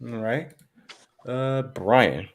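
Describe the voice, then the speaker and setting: A man hosting a casual movie panel, easygoing and quick to laugh. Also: medium pitch. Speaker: panel host running the game rounds. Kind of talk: casual group chat.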